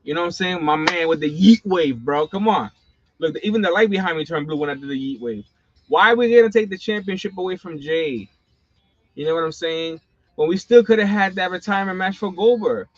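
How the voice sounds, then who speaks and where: Middle aged guy cussing through a wrestling rant, kinda high voice, dull lo-fi audio. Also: a little fast, no room sound. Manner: profane, exasperated ranting with slangy asides. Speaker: wrestling channel host. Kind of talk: casual live-stream rant. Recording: dull lo-fi sound.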